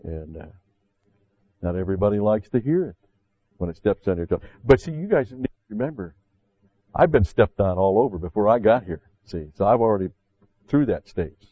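A man's voice: on the low side, big pitch swings, moderate pace, phone-quality sound. A man preaching a sermon as pastor, talking conversationally with frequent "see" asides and rising emphatically when he quotes scripture.

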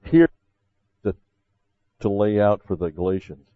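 A male pastor with a lowish voice preaches a sermon conversationally, sprinkling in frequent "see" asides and rising emphatically when quoting scripture. He talks a little slowly with big pitch swings, and the audio is narrow and tinny.

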